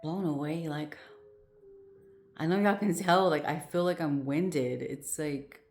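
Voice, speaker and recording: A woman's voice: low-pitched, slow pace, darkish tone, faint music behind. A woman chatting casually to her viewers, rambling with lots of fillers and restarts, sounding short of breath. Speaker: vlogger. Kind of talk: casual chat to camera.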